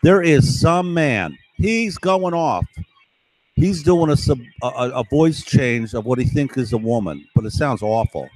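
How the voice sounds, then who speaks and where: A man's voice: mid-range voice, lively intonation, measured pace, darkish tone, no room sound, poor audio. A man in a casual monologue, rambling and insistent, with an aggrieved, conspiratorial tone that keeps checking in with "right?".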